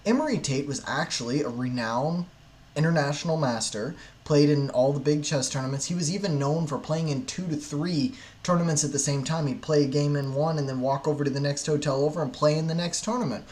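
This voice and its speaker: A man talking through casual online commentary. His voice sits a little high, and he speaks in a relaxed, offhand way with occasional fillers. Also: brisk.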